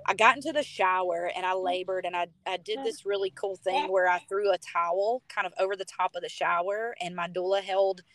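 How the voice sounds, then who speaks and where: A young woman telling a personal story as a podcast guest, chatty and animated with lots of fillers. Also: mid-range voice, brisk, hardly any pauses, dry recording. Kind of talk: casual storytelling.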